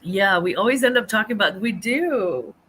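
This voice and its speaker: A middle-aged woman chats and rambles on her home live stream, laughing often and restarting sentences as she reads comments aloud. Her voice is bright and lively, with a faint hiss of room noise behind her. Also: mid-range voice, moderate pace. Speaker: host of a live chat stream. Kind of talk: casual live-stream chat reading comments.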